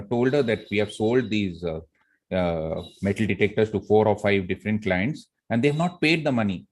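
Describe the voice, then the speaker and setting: A man teaching public speaking who asks the class frequent questions. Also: on the low side. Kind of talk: classroom lesson on voice modulation.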